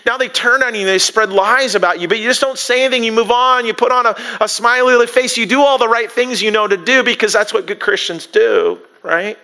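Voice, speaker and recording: Male pastor, high voice, bright tone, casual preaching style, voices quick asides. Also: clean tone. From United States. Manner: conversational preaching with restarts and acted-out asides. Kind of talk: sermon.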